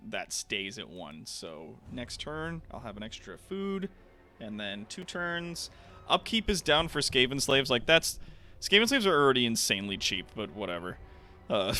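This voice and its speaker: A male streamer narrating his own strategy game in a loose, chatty way. His pitch swings a lot from moment to moment, and he laughs easily and throws in the odd swear word. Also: sharp tone. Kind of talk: casual gameplay commentary.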